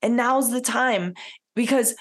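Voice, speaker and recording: A woman's voice: a little high, takes it slowly. A woman co-hosting a podcast, talking in an earnest, heartfelt casual chat with many "like" fillers. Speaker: podcast co-host.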